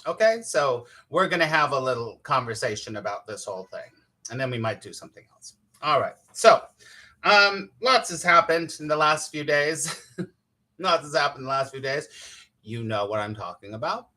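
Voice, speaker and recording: A man's voice: medium pitch, lively intonation, normal speed, pushed and bright. A man, a spiritual teacher hosting a casual live-streamed morning talk, chatty and playful, laughing often and greeting viewers by name.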